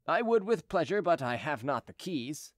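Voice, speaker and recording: A man's voice: fairly high pitch, sing-song, moderate pace, no echo, clean studio sound. A man voicing a deferential private soldier on guard duty who speaks in a respectful, apologetic way.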